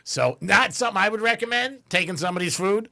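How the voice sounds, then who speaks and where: A man's voice: sits high, expressive, quick pace, gravelly, pushed and bright. A man hosting a radio show in loose casual chat, rambling with lots of fillers. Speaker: radio host.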